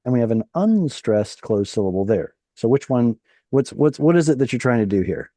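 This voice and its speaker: A man's voice: medium pitch, sing-song, moderate pace, mellow, dry recording. A man teaching a Hebrew reading class over a video call, patiently explaining step by step.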